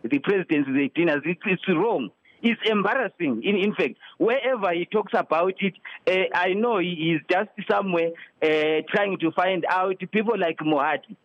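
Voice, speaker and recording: A man's voice: high voice, normal speed, dull audio. A man, arguing heatedly on a political talk show, pressing his points with repeated words. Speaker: opposition commentator.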